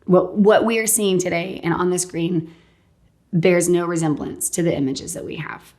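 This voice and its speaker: A woman casually telling a personal story as an interview guest, animated and quick to laugh, often saying "like" and "um". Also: on the low side. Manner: animated, laughs often, acts out what others said; fills speech with "like" and "um". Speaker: guest sharing a healing testimony.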